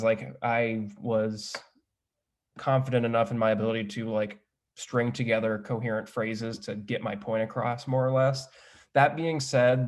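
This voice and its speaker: A young adult man, a student panelist, describes his time abroad in a chatty, relaxed way, leaning heavily on "like" and correcting himself as he goes. His voice is medium-pitched and a little mellow.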